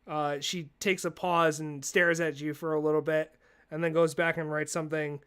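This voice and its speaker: A man narrating as game master of a tabletop game, relaxed and full of fillers. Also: on the high side, normal speed, smooth.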